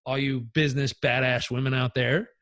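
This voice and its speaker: A man, a life coach, telling stories in a casual interview, energetic and blunt, swearing freely. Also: medium pitch, moderate pace, dry recording.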